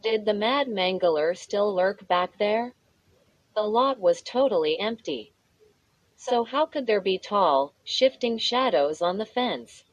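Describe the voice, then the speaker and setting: A woman narrating a spooky children's story in a measured, steady reading voice. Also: mid-range voice, no echo, highs cut off. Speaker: audiobook narrator.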